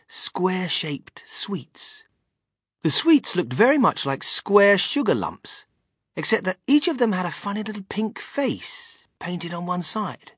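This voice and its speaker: An audiobook narrator reading a children's story in an expressive, animated way. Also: mid-range voice, slightly rough, no room sound, clean studio sound.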